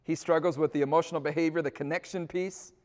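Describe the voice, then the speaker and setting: A man's voice: on the high side, steady tone, quick pace, darkish tone. A middle-aged man leading a teacher training. He tells a personal story with animation and acts out the scenes. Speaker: staff trainer. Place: school hall or gym. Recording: long reverb of a large hall.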